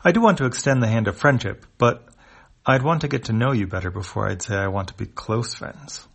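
A man voicing a calm, polite human man in a read-aloud comic. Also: mid-range voice, brisk, creaky, husky. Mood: earnest.

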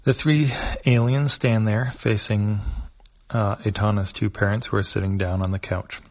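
A man reading a comic strip aloud, describing each panel in an unhurried way. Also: on the low side, steady tone, a little mellow. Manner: unhurried, with frequent fillers and restarts.

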